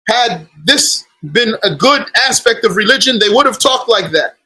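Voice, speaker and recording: A man delivers a religious lesson in a high voice. He argues point by point, voicing his opponents' claims before answering them. His tone is bright and clear, and he recites scripture in Arabic before translating it. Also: expressive, normal speed, low-quality recording. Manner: argumentative, quotes opponents then rebuts them. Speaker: religious teacher. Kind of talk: lecture on belief.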